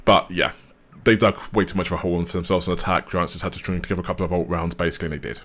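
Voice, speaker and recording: Deep-voiced man telling relaxed esports stories. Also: very fast. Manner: relaxed storytelling, many fillers, hedges. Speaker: podcast co-host. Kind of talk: casual esports analysis chat.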